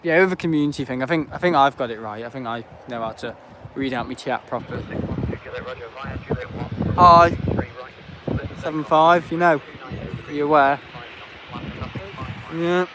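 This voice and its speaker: A man's voice: fairly high pitch, normal speed, long pauses, noisy background. A man chatting loosely on a live stream from an airport viewing park, rambling, laughing and reading out his chat. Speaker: planespotting livestreamer. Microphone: handheld tablet.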